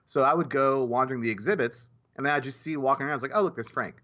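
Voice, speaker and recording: A man of middle pitch chatting loosely on a podcast, circling back and restarting his sentences as he goes. The sound is dull and lo-fi, with the top end rolled off. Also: steady tone, rapid-fire, sharp tone. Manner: rambling, with many restarts and repeated words. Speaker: podcast co-host. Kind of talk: casual podcast chat.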